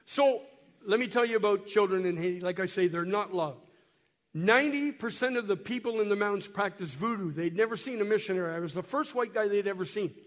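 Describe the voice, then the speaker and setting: A man who works as a missionary, telling stories to a congregation in a folksy way while showing photos, hoarse and coughing from a cold. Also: high voice, brisk, long reverb tail. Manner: folksy, repeats and restarts words, speaks directly to the congregation. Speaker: missionary guest speaker. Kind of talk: storytelling talk to a church while showing photos. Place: church hall.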